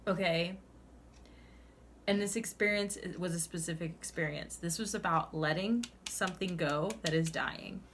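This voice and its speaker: A woman's voice: lowish voice, moderate pace, fairly bright tone, a little hiss or hum. A young woman doing a tarot reading to camera, earnest and chatty, sighing now and then between cards. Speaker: tarot reader.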